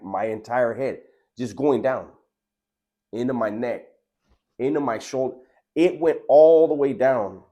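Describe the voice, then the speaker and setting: Man, low-pitched, casual earnest storytelling. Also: warm tone. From Southern California. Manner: laid-back, slangy, earnest.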